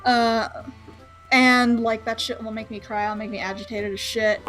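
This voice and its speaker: A woman's voice: a little high, steady tone, normal speed, a bit bright, soft background music. A young woman telling a story in casual chat, rambling, swearing freely and laughing often.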